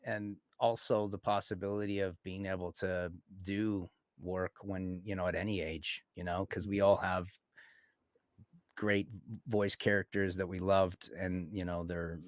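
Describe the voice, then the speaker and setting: A man's voice: sits low, little pitch movement, moderate pace, no room sound, clean studio sound. A middle-aged man, a voice actor, chatting playfully in an interview, laughing often and slipping into goofy voices for quotes. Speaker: guest voice actor. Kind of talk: casual interview chat.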